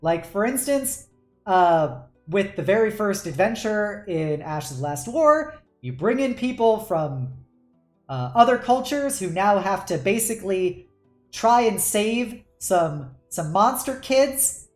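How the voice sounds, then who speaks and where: A woman's voice: mid-range voice, big pitch swings, takes it slowly, darkish tone, reverberant, soft background music. A woman hosting a casual streamed panel as game master, chatting loosely with frequent laughs and casual swearing.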